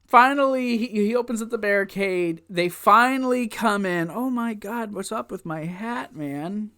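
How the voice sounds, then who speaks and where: A man giving a casual, rambling recap of an old wrestling event, easily excited and laughing often as he goes. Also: high-pitched, a little slow, clean tone. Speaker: wrestling show reviewer.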